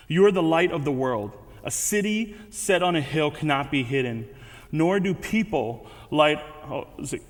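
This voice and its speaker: A man giving a casual, conversational sermon with frequent restarts and asides. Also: fairly high pitch. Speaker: guest speaker. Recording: reverberant hall.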